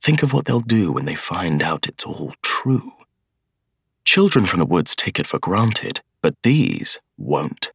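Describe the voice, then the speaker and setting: A cold, scheming young schoolmaster of Evil, as a male narrator plays him. He speaks low and slowly, laying out his plans in a measured, persuasive way. The storybook reading is dry and close. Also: wildly swooping pitch, gravelly, a bit bright, slightly rough, no room sound, heavily acted. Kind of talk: audiobook character voice.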